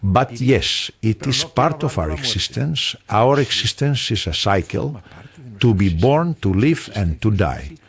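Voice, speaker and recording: An older man from Spain, a retired surgeon, answering interview questions in a calm, earnest, reassuring way. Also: medium pitch, a little slow.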